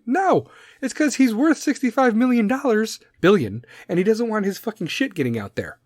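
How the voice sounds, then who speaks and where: Podcast host, male, Chicago accent, profane political rant, slightly high voice, dry close sound. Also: wildly swooping pitch, moderate pace, no room sound. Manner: loud, profane, rambling, does mocking voices.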